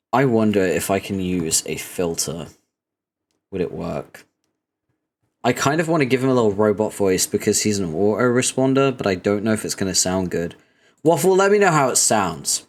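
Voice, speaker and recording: A man's voice: lowish voice, expressive, measured pace. A man streaming a webcomic reading who talks casually, swears freely and laughs often.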